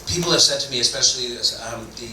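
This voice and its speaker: Here a middle-aged actor from Toronto, Canada, talks fast in a bright, forceful mid-range voice, telling meandering anecdotes at his own expense on a convention panel. A far-off mic catches the hall's echo and surrounding noise.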